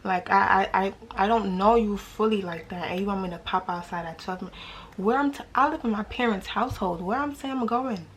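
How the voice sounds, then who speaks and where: A woman's voice: medium pitch, brisk, a little hiss or hum. A young woman with a New York accent telling a dating story casually to her viewers, slangy and full of rhetorical questions.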